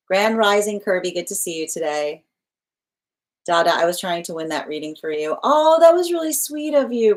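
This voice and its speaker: A woman with a slightly low voice chats casually on a tarot livestream. She reads out viewer comments, thanks people by name and laughs easily along the way. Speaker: tarot reader hosting a livestream.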